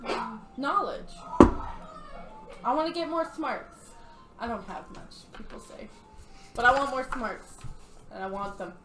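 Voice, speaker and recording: A woman playing her character in a tabletop game, speaking in a slow, halting, playful way. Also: fairly high pitch, animated. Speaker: player voicing her character. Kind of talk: in-character tabletop role-play. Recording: echoey room with music.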